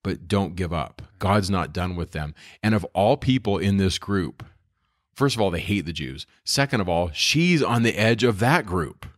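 A man's voice: deep voice, expressive, normal speed, dry recording, studio quality. A man co-hosting a casual scripture discussion, retelling stories earnestly and with enthusiasm. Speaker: podcast co-host.

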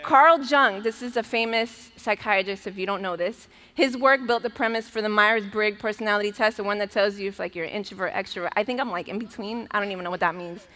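Bright-voiced woman preaching in a hall. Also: mid-range voice, quick pace, few pauses. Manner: conversational, emphatic preaching with laughs. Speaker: pastor. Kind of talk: sermon. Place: church auditorium. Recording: long reverb of a large church hall.

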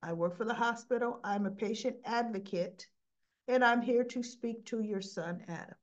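A calm firm patient advocate, as a woman quotes her. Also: on the high side, moderate pace, dull audio, lightly acted.

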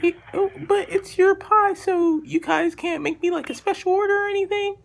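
Man putting on a squeaky falsetto caller, timid, stammering, very high. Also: steady tone, moderate pace, gravelly. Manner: stammering, lots of ums. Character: hesitant high-voiced male caller, timid. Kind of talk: prank phone call.

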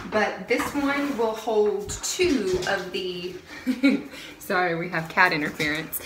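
A woman talks casually to the camera at home, a little breathless at times. Her voice sits at a middle pitch for a woman. There is clear background noise around her. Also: roomy sound. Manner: talks sweetly to her dogs, then explains to the camera. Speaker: vlogger unboxing a pet supply order. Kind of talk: casual home vlog talk. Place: home with dogs. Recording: noisy home recording. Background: dogs and clicks.

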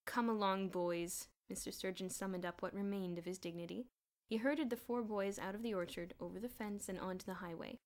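A woman reading a children's novel aloud in a clear, even storytelling manner. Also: medium pitch, fairly quick. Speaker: audiobook reader.

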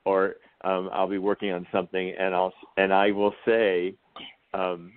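A man speaks in a lowish voice down a thin, phone-like line. He is a guest in a radio interview, reflective and heartfelt, pausing and restarting as he gathers his thoughts. The call audio is narrow and boxy. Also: level tone. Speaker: guest actor and writer.

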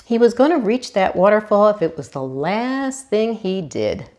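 A woman volunteer reading a children's storybook aloud, animated and asking her young listeners questions. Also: mid-range voice, normal speed. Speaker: hospital volunteer reader.

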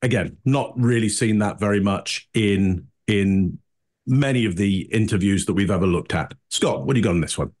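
A man on a behavior analysis panel, breaking down an interrogation clip in a measured, analytical way. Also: fairly low pitch, darkish tone. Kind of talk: panel discussion commentary.

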